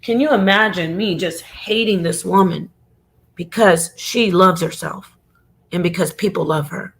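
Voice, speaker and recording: A woman's voice: lowish voice, unhurried, vocal fry. A middle-aged woman giving a heated, profane monologue as a regular on an online show, emphatic and repetitive.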